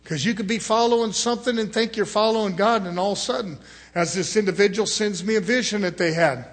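Husky preacher man, fiery and hushed by turns. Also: fast talker. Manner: swings from loud rising exhortation to low murmured asides; mimics other people in quoted voices. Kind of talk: sermon.

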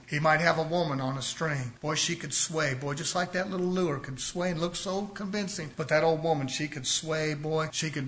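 A man's voice: on the high side, fairly bright tone. Fervent preacher man. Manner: impassioned, emphatic, addresses brothers and sisters. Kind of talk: sermon.

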